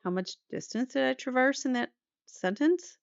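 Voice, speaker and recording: Woman reading young male defendant on the stand, halting, defensive, smooth voice, dry room. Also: high-pitched, animated, dry recording, pitched above the performer's own voice. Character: young man defendant testifying under cross-examination. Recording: slightly muffled dry recording.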